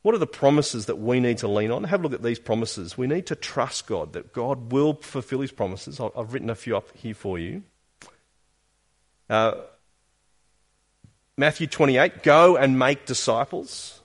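Male pastor mid-sermon: earnest, probing questions, emphatic peaks and soft asides. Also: mid-range voice, lively intonation, normal speed, long pauses, slightly rough. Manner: earnest, questioning, with emphatic rises and quiet drops.

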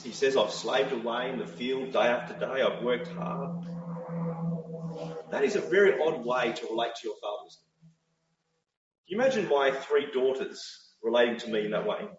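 A middle-aged man preaching a sermon, emphatic and full of rhetorical questions. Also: mid-range voice. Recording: roomy, distant, dull sound.

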